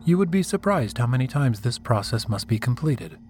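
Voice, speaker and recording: A man voicing a brisk, bored woman from human resources who speaks in a flat, businesslike tone in a storybook reading. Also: mid-range voice, soft background music, pitched below the performer's own voice, lightly acted.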